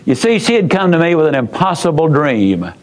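A man giving a motivational speech, telling a story in a folksy, emphatic way with dramatic pauses and repetition. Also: on the high side, very animated, poor audio. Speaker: motivational speaker.

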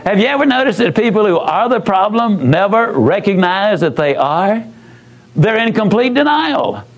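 A man with a high-pitched voice tells a story as a motivational speaker. He talks in a folksy, emphatic way, with repeated phrases and dramatic pauses. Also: very animated, low-quality recording.

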